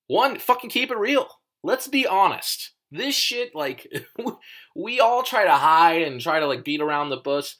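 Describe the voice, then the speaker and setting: Comedian going off on a rant, swears a lot, voice swings all over, sharp bright tone. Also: medium pitch. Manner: profane, emphatic, rambling with restarts. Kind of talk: casual monologue rant.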